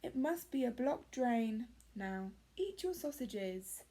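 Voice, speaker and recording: A woman voicing the giant's wife in a children's story, brisk and dismissive. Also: fairly high pitch, animated, dark tone, heavily acted.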